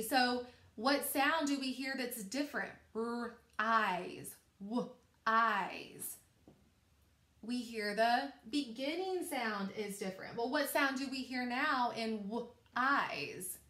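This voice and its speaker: A woman teaching a recorded phonics lesson to young children, slow and encouraging, stretching out each sound. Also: high-pitched, fairly bright tone, reverberant.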